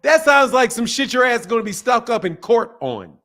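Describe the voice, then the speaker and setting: High-voiced man ranting in disbelief. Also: sing-song, a little fast, pushed and bright. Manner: profane, incredulous, repeats himself, laughing asides. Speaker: boxing channel host. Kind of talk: casual reaction rant.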